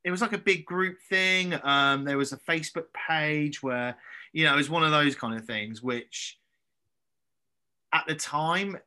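A man from southern England, a podcast guest, telling stories in a blunt, sweary, animated way during a casual chat. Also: a little high, measured pace. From Andover, southern England.

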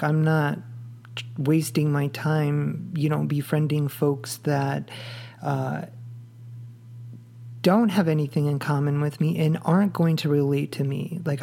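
A man's voice: on the high side, little pitch movement, a little slow, creaky, mellow. A man hosting his own podcast, delivering a blunt, profane solo rant full of fillers like "um" and "like". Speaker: podcast host. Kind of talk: casual solo podcast monologue. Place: the show is made in Dallas, Texas.

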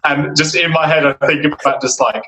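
A man in casual chat, telling stories in an animated way and laughing often. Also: on the high side, fairly quick, background noise. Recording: roomy echo.

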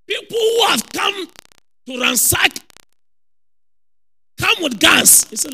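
High, animated Ghanaian preacher man. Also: a little slow, pauses often, poor audio. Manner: animated, repeats phrases, shouts for emphasis. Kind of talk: lively sermon.

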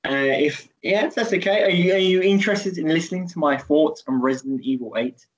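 A man with a somewhat high voice hosts a casual podcast, teasing his co-host and rambling through restarts. The recording sounds dull and lo-fi. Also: fairly quick. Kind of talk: casual chat.

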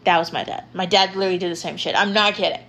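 A woman's voice: lowish voice, fairly even intonation, rapid-fire, a bit bright. A young woman hosting a podcast, talking casually and rambling with lots of filler words. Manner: chatty, rambling, lots of ums and likes. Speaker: podcast host. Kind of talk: casual solo podcast talk.

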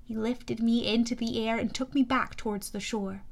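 A woman with a high voice narrating a first-person audiobook. Her telling is lively and expressive, full of youthful energy. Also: moderate pace, gravelly.

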